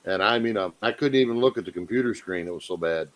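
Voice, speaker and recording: Easygoing guest, man, blunt and crude, relaxed chat. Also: low-pitched, quick pace, dull audio. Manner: crude, laid-back, says dude. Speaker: stream guest. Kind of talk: casual livestream chat.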